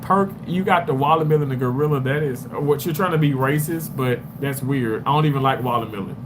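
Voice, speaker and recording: A man with a medium-pitched voice, speaking a little fast, live-streams as he walks outdoors near a road. Out of breath, he rambles while answering viewer comments one by one, with street noise and passing traffic behind him.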